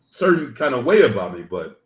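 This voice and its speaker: A man's voice: mid-range voice, fairly quick, reverberant. A young man co-hosting a podcast, telling stories with lots of laughter and casual profanity. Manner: laughing, animated storytelling, profanity. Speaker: podcast co-host. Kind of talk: casual chat.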